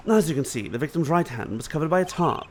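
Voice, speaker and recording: A man reading a calm, calculating male prosecutor who questions a witness in a measured, quietly confident way. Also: a little hiss or hum, close to an everyday voice. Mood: coolly probing. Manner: measured, quietly confident, lower and softer than his own voice.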